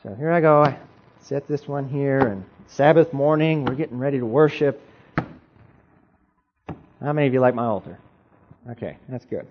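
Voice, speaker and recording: A man preaching an interactive sermon to his congregation, playful and animated, often asking them questions. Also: mid-range voice, moderate pace, long pauses, a little hiss or hum. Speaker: pastor. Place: church. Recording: dull lo-fi recording.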